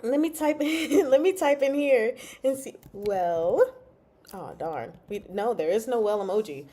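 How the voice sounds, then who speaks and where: A woman's voice: a little high, unhurried, dark tone. A woman hosting a casual livestream chat about a novel, laughing often and reading out chat comments. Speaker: book club host.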